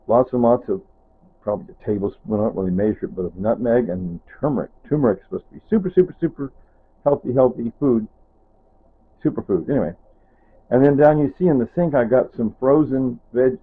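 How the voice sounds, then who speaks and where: With a slightly rough, mid-range voice, a man chats to camera in his kitchen for a casual vlog, wandering between topics and ending thoughts with "anyway" or "whatever." The recording has a tinny, phone-like quality.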